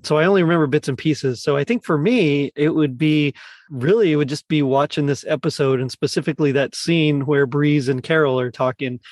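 A man's voice: fairly high pitch, fairly quick, a little mellow, no echo, clean studio sound. A man hosting a casual podcast chat, rambling with many fillers and restarts. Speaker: podcast host.

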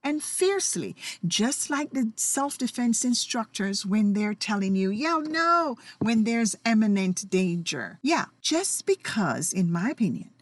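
A woman's voice: mid-range voice, sing-song, unhurried, few pauses, a little mellow, dry recording. A middle-aged woman hosting a personal podcast, telling her own story in a feisty, emphatic way. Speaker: podcast host.

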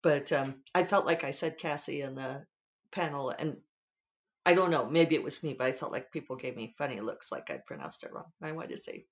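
A frank podcast host talking casually with a Western US drawl. The voice sits at a middle pitch and wanders from point to point, dropping profanity without hesitation. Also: expressive, moderate pace, vocal fry. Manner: candid, digressive, freely profane.

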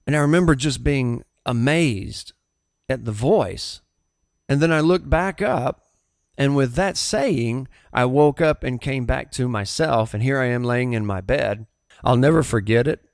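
Earnest Southern pastor, dry sound. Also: male voice, mid-range voice, creaky, no echo. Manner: earnest storytelling with halting restarts. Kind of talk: personal testimony.

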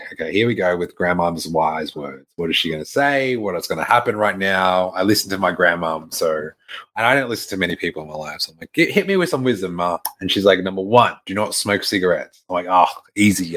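Young male storyteller, very low voice, blunt and chatty, swears a lot. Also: fairly bright tone. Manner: frank and conversational, swears freely, laughs between lines. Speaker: fitness coach sharing a personal story. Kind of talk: casual storytelling to camera.

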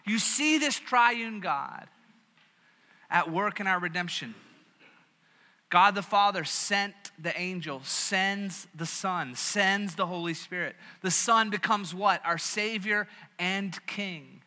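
A man's voice: high-pitched, slow. A man from the American South preaching a sermon, telling stories with animation and frequent restarts. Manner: animated storytelling with many restarts. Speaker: pastor. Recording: long reverb of a large hall.

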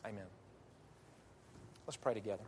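A man's voice: lowish voice, normal speed, a little hiss or hum. A man preaching a sermon as a pastor, earnest and pleading, asking his listeners question after question. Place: church sanctuary. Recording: long reverb of a large hall.

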